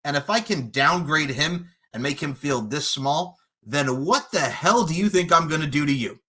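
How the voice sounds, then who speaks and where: With lively intonation at a normal speed, a podcast guest cuts a fantasy wrestling promo. He is cocky and taunting, alternating between quiet menace and loud boasts.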